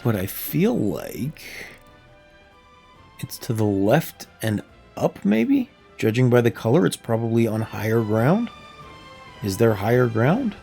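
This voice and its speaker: A man talking casually on a livestream while he plays a game. His voice sits at an average pitch, and he rambles in a chatty, easygoing way with a laugh now and then. He is close on a desk mic at home, with faint game music underneath. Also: sing-song, slow pace, vocal fry, warm tone. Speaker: streamer. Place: home room near plumbing. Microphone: desk microphone.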